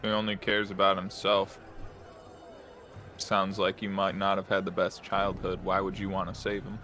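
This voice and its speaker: Man, tabletop player, very deep, bright tone, easygoing. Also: completely flat delivery, moderate pace, soft background music. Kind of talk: in-character tabletop role-play.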